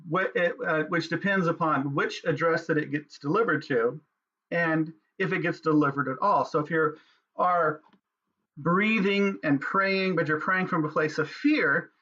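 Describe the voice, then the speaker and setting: Male spiritual teacher, earnest measured delivery, slightly high pitch, dull lo-fi recording. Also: bright, forceful tone. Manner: earnest, measured, with pauses and fillers. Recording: dull lo-fi sound.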